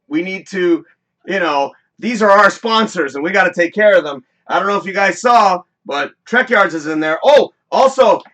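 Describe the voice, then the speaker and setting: A man hosting a casual live-streamed talk show, rambling, excitable and swearing freely in a home studio. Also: high voice.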